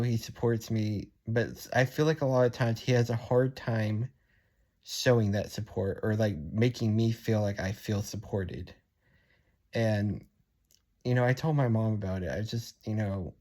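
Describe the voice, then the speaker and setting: A young man venting in a personal vlog, frustrated and sighing, with halting, repetitive phrasing. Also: fairly low pitch, a little mellow. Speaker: vlogger.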